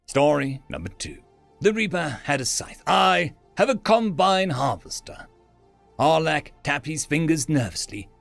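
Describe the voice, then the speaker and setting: A man narrating a science fiction story in an expressive, dramatic style. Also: on the high side, measured pace, vocal fry, no echo, faint music behind.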